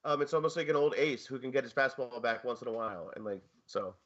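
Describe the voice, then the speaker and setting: A man's voice: medium pitch, quick pace, fairly bright tone, dull audio. A man co-hosting a sports podcast, rambling with restarts and offbeat comparisons. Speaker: podcast co-host. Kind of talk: casual sports betting chat.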